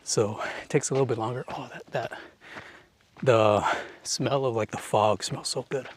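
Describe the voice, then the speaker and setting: A man's voice: medium pitch, steady tone, moderate pace, slight background noise. A young man chatting his way up a mountain trail, narrating a hiking vlog into a handheld camera in a rambling, filler-heavy way. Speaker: hiking vlogger.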